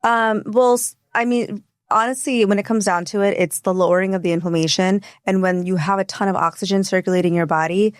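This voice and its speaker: A woman nurse practitioner, a podcast guest, explaining treatments in a casual way, with many fillers and pauses. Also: mid-range voice, steady tone, dry recording, studio quality. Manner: explains plainly with frequent fillers like um and you know.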